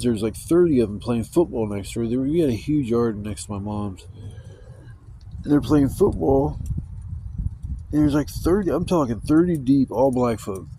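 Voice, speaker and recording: Cussing guy rambling on about his day, mellow low tone. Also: a little hiss or hum, rough recording. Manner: profane, rambling, blunt. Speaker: vlogger. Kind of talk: casual storytelling.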